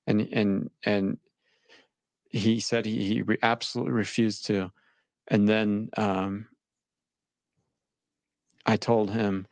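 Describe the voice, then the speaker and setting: A young man telling a personal story in a halting, shaken way, often repeating his words. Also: fairly low pitch, level tone, vocal fry, no room sound. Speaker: interviewee recounting his experience. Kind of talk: emotional personal account.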